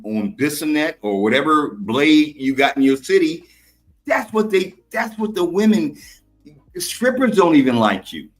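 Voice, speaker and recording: A man's voice: fairly high pitch, low-quality recording. An older man on a podcast panel, blunt and lecturing, arguing heatedly and talking over others.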